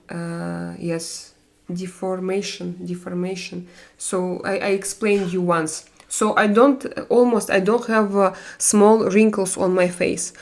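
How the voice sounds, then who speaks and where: A woman in her forties with a Russian accent, hosting a casual live stream and chatting with viewers, speaking non-native English with many fillers and restarts. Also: medium pitch. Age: 40s.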